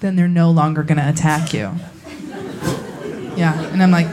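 A young woman from Indiana performing a live stand-up set, telling stories deadpan and acting out the people she quotes. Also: sits low, normal speed, crowd noise. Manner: deadpan storytelling, acts out quoted voices. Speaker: stand-up comedian. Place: comedy venue with a laughing audience. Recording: live show recording with clear audience noise.

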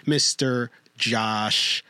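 A man's voice: medium pitch, fairly even intonation, drawn-out words, bright, forceful tone, slight background noise. A man hosting a panel podcast, introducing guests with jokey asides. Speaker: podcast host.

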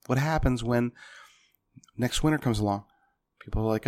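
A man's voice: medium pitch, moderate pace, long pauses, darkish tone. Emphatic male political commentator. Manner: emphatic, punchy, addresses listeners as folks.

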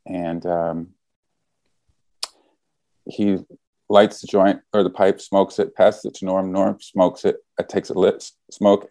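A man who is a stand-up comedian, telling a story in casual chat in an animated way and swearing freely. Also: deep voice, dry recording.

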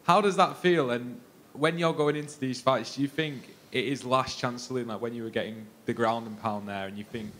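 A man's voice: medium pitch, moderate pace, fairly bright tone, slight background noise. A man, a reporter asking long, rambling questions at a press scrum.

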